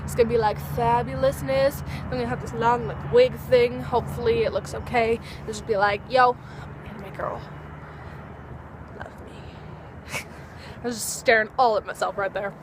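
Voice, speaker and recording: A woman's voice: a little high, fairly even intonation, a little fast, few pauses, background noise. A teenage girl vlogging outdoors at dusk, chatting in a bubbly, rambling way and acting out little dialogues. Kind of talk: casual chat to camera.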